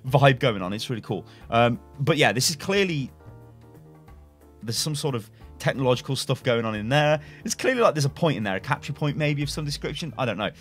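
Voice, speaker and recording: A man's voice: medium pitch, expressive, a little fast, faint music behind. A young man, a gaming YouTuber, casually reading game lore aloud and speculating, rambling with self-corrections and chuckles, at a desk webcam setup.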